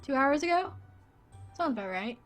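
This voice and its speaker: A woman's voice: sits high, sing-song, moderate pace, soft background music. A young woman streaming a farming game, chatting casually and self-mockingly, reading game lines aloud in goofy voices. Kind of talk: casual gameplay chat.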